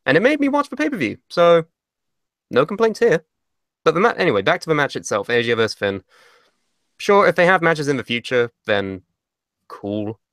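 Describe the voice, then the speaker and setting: A man's voice: on the high side, very animated, normal speed, pauses often, a bit bright, no echo, clean studio sound. A man co-hosting a wrestling podcast, talking sarcastically and swearing freely. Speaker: podcast co-host. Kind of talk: casual wrestling podcast chat.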